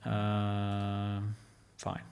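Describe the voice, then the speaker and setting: A man who is not a native English speaker, a game developer thinking aloud while he works, halting and full of fillers. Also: fairly low pitch, monotone, gravelly, darkish tone. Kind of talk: casual livestream while working on a game.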